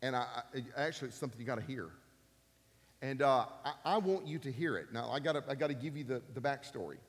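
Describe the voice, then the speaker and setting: A man in his fifties preaching a sermon with emphatic repetition, building to loud peaks. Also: medium pitch, expressive, fast talker. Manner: emphatic, repeats key phrases, rising to loud peaks. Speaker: pastor. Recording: long reverb of a church hall.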